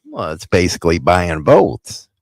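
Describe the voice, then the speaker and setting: A man's voice: low voice, huge pitch swings, a little slow, creaky, no room sound, clean studio sound. A man joining a casual livestream chat, blunt and sarcastic.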